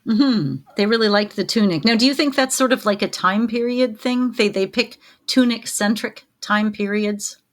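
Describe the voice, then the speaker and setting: A woman co-hosts a relaxed podcast in a chatty, playful way. She works through her ideas out loud, with small pauses and fillers along the way. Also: on the high side. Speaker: podcast co-host. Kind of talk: casual podcast chat.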